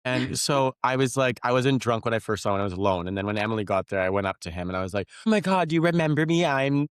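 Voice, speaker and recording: A man's voice: lowish voice, fairly even intonation, fast talker, a bit bright, clean tone, no room sound, clean studio sound. A young man in his twenties, co-hosting a podcast in a casual chat and laughing as he tells his stories. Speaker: podcast co-host.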